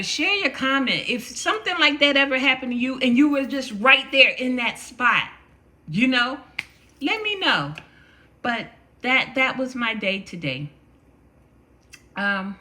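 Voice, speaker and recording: A woman's voice: mid-range voice, pushed and bright. A middle-aged woman hosting a casual home vlog, chatty and affectionate, drawing out her stories as she talks straight to her viewers. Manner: chatty, affectionate, drawn-out storytelling. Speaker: vlog host.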